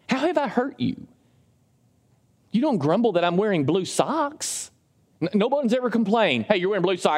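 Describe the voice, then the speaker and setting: A middle-aged man preaches in a church sanctuary, his slightly high voice swinging widely in pitch as he makes his points. He talks to the congregation in an emphatic, conversational way, and long reverb trails his words through the hall. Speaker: pastor. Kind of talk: sermon.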